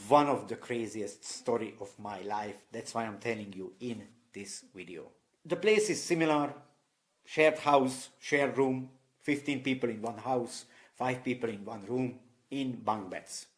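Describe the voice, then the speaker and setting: A man from Eastern Europe telling candid personal stories in loose, non-native English, often laughing at himself. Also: mid-range voice. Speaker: vlogger. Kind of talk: personal storytelling to camera.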